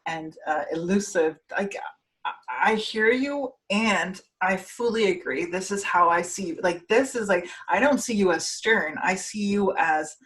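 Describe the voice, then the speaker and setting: A woman's voice: medium pitch, a little slow, a bit bright, poor audio. A woman hosting a podcast, speaking earnestly and with emotion, often repeating her phrases. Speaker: podcast host. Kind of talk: casual conversation.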